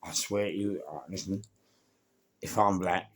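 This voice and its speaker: An older man with a London accent and a low, somewhat slow voice tells crime stories in a casual, animated monologue. He swears freely and acts out the voices of the people in his tales.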